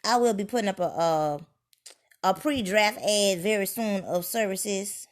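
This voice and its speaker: A woman ranting in a rambling, profane monologue, sliding from low grumbling into loud heated outbursts. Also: measured pace. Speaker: vlogger.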